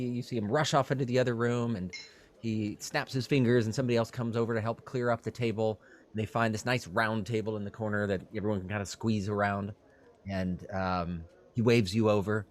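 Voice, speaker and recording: A man narrating a tabletop game as game master, halting and full of fillers. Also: on the low side, fairly even intonation.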